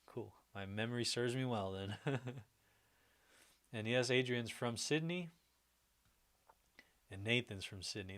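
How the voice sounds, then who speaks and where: A man's voice: medium pitch, unhurried, pauses often, a bit bright. Chatty, rambling man hosting a livestream. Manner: chatty and rambling, with frequent restarts and "like"; upbeat and friendly toward viewers. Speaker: livestream host. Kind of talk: casual livestream chat reacting to viewer comments.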